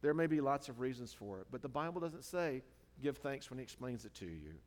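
A man preaching a sermon in an easygoing, conversational manner, often pausing to correct himself. His mid-pitched voice rings out with a long reverb through a church hall. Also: lively intonation. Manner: conversational, with many fillers and self-corrections.

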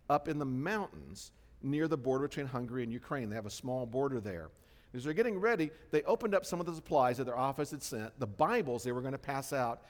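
A man pastor preaching a sermon, telling a story with lively swings between soft and loud. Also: fairly high pitch, big-room sound. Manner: storytelling, animated swings in loudness. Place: church sanctuary.

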